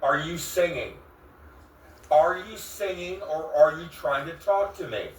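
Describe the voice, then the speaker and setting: In a heated on-camera confrontation, a vlogger with a cracking, fairly high voice keeps repeating the same questions to a friend, pleading and exasperated. He speaks unhurriedly, recorded from a distance and a bit off-mic in an echoey room with a little hiss or hum.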